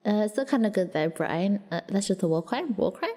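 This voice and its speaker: A woman with an Australian accent chats loosely with her livestream viewers, rambling between thoughts, restarting sentences and giggling. Her medium-pitched voice is animated and dark-toned at a normal speed. A long reverb tail follows her words.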